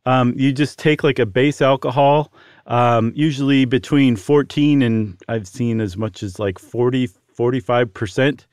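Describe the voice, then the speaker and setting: A man's voice: mid-range voice, unhurried, a little mellow, dry recording, clean studio sound. A man co-hosting a podcast, explaining at length in a friendly, casual way with fillers. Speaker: podcast co-host.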